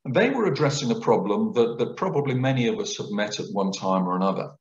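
Male lecturer, lively explanatory delivery, echoey lecture-room recording. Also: fairly low pitch, quick pace. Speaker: guest lecturer. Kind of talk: public lecture. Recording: roomy, dull lecture recording.

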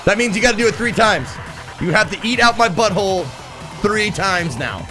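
A man's voice: high-pitched, lively intonation, normal speed, music in the background. A man casually chatting on a live stream, reading out viewer messages, swearing and laughing often. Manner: profane, laughing, reads chat aloud. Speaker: game streamer.

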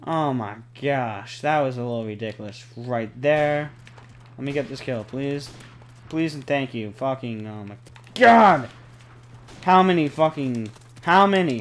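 A young man giving live gameplay commentary, excitable, cursing often and pleading with the game. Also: medium pitch, normal speed. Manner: excitable, swears a lot, pleads and groans at the game. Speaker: gaming channel host.

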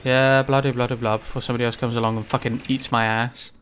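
A man commentating his own gameplay, ranting and swearing with sudden shouted outbursts. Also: medium pitch, flat delivery, fast talker, slight background noise. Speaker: gaming channel host. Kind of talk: let's play commentary.

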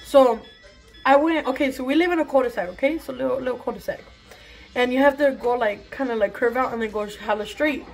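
A woman's voice: high-pitched, a little fast, gravelly, soft background music, rough recording. A young woman tells a casual storytime vlog, chatty and swearing freely. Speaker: vlogger.

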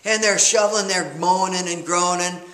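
A man coaching a leadership course, telling stories with animated energy in a motivational lecture. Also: high voice, moderate pace, roomy sound. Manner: animated storyteller who acts out scenes.

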